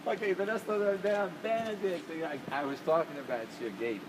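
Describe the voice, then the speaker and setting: A middle-aged bandleader and musician greets his band on a concert stage before sound check in a casual backstage video chat, laughing often. His high voice swings widely in pitch and moves fairly quickly over loud stage noise.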